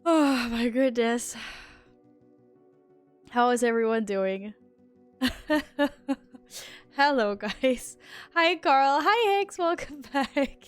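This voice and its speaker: A woman streams into a headset mic and chats casually with her viewers in a slightly high voice. She talks at a slow, unhurried pace, giggling often and swearing now and then. Faint music plays behind her. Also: expressive, clear, resonant tone.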